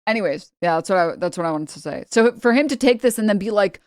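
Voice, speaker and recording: Woman, from New York, streamer, casual commentary, emphatic, dry close sound, middle pitch. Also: expressive, fast talker, few pauses, no room sound. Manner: emphatic, repetitive, swings loud for effect. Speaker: streamer reacting to clips.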